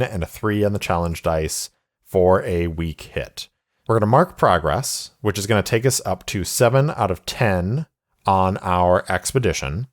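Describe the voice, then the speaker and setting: A man hosting a podcast, narrating a solo tabletop game in a relaxed way and thinking aloud. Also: deep voice.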